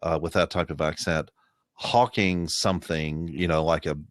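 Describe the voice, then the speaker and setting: A man's voice: extremely low pitch, fairly even intonation, moderate pace, dry recording, clean studio sound. An American man with an Appalachian accent, co-hosting a casual podcast chat and explaining things at length in an easygoing way. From United States. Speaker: podcast co-host.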